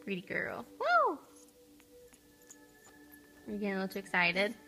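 A woman's voice: mid-range voice, huge pitch swings, normal speed, music in the background. A woman talking to her pets at home in cooing, sing-song baby talk. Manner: sing-song and affectionate toward animals. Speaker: pet owner vlogger.

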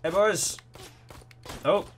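A man giving excitable, rambling let's play commentary full of swearing and reactions to the game. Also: high-pitched, extremely slow. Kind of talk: gaming commentary.

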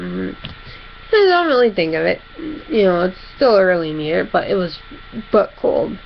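A woman's voice: lowish voice, animated, moderate pace, gravelly, lo-fi sound, a little hiss or hum. A woman vlogger, chatting casually in a rambling, self-correcting way. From upper Midwest of the United States. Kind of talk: casual chat.

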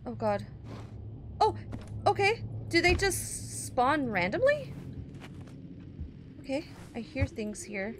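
Jumpy high-voiced woman playing horror game. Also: big pitch swings, slow, pauses often, background noise. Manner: jumpy, gasping, talks to herself and viewers. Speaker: gaming YouTuber. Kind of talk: horror game let's play commentary.

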